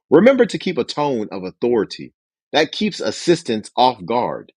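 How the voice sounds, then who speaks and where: Hosting a book club, this man reads from a business book and performs example phone conversations, lifting his pitch for each character. His husky, somewhat mellow voice swings widely in pitch while keeping a normal speed.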